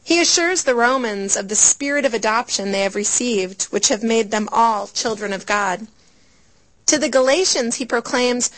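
A woman preaching a sermon in a measured, reflective way, slowing down for scripture quotes. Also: a little high, a bit bright, rough recording.

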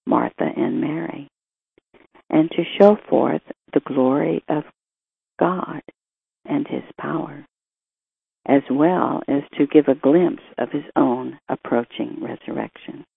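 A priest reading the gospel and giving a measured, reflective homily that quotes scripture and scholars. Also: male voice, a little high, vocal fry, breathy edge, no room sound. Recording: tinny phone-like sound, dry.

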